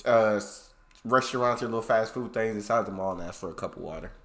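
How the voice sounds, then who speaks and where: A man's voice: lowish voice, quick pace, roomy sound. An American man hosting a reaction video in casual, laid-back, slangy chat. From United States.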